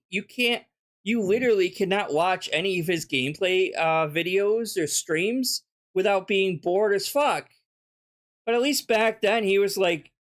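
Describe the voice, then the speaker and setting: A man's voice: high voice, fairly bright tone. Profane, blunt male commentary streamer.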